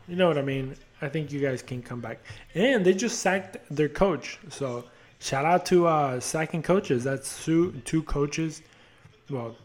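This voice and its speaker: A man's voice: medium pitch, darkish tone. A young man hosting a podcast, rambling and joking about soccer, swearing and teasing himself. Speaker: podcast host. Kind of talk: casual soccer chat.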